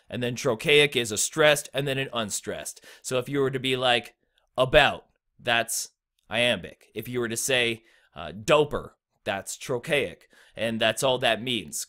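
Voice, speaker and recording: A man's voice: mid-range voice, pushed and bright. A young man teaching rap flow in a laid-back, blunt way, with frequent ums. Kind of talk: casual explainer video.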